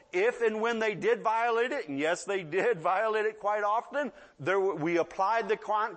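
An older man in his sixties delivers a sermon in a relaxed, conversational style, with a fairly high-pitched voice. He keeps checking in with his listeners and slips into children's voices to make his points. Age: 60s. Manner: conversational, often asks the audience "yeah?"; acts out children's voices in asides. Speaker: preacher.

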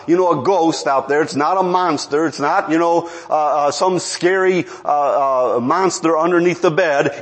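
A man preaching a sermon in an animated way, asking the congregation questions and chuckling as he goes. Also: fairly high pitch.

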